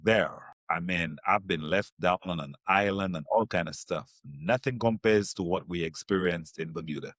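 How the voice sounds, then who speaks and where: A man's voice: low voice, normal speed, hardly any pauses, fairly bright tone, dry recording. A man hosting a travel podcast, reacting with short affirmations and sharing his own stories. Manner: enthusiastic, lots of short affirmations. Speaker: podcast host. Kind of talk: casual interview chat.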